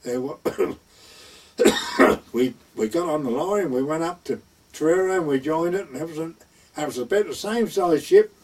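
A man's voice: fairly high pitch, mellow, recorded from a distance. An older man recounting his wartime years at sea in a rambling oral history, acting out what people said. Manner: rambling anecdotal, acts out quoted speech.

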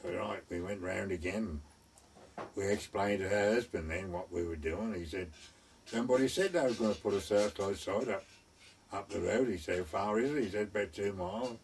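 A man's voice: on the low side, normal speed, recorded from a distance, slight background noise. An older man telling a wartime story from his youth, chuckling often and acting out the voices of the people he quotes. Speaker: oral history storyteller. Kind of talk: reminiscing anecdote.

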